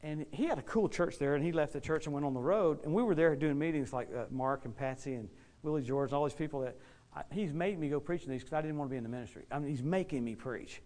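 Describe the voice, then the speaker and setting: A man preaches in a storytelling style, his voice sitting a little high for a man. He is lively and folksy. He repeats words and restarts when he gets excited. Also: fast talker. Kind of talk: storytelling sermon.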